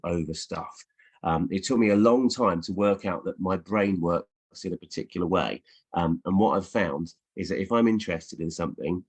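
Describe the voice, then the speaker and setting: A middle-aged man, a children's author, chatting casually with schools over a video call from his home office, playful, with many ums and restarts. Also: low voice. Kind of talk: casual virtual Q&A with reading aloud.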